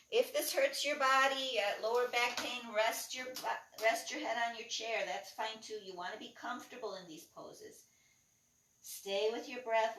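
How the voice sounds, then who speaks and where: A woman instructor leading a guided breathing and movement class, giving calm, rhythmic cues that are mostly soft with brighter bursts. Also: mid-range voice, distant mic. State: lightly breathless while jumping. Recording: echoey room, voice a bit off-mic.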